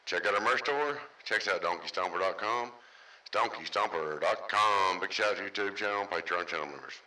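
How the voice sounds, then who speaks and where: Deep-voiced man with a head cold. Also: a little fast, bright, forceful tone, poor audio. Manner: folksy, plainspoken, drawling. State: head cold, nasal and congested. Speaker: radio repair channel host. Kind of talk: casual workshop review.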